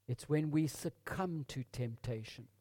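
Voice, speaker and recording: High-voiced guy preaching slow, punches the verses hard, dry close sound. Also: darkish tone, dry recording. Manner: emphatic, reads scripture with rising force; addresses congregation as folks. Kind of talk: sermon.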